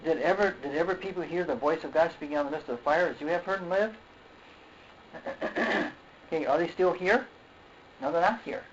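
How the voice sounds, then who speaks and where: A man preaching a sermon in a halting way, repeating words, often saying okay and clearing his throat. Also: a little high. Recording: dull lo-fi recording with faint noise.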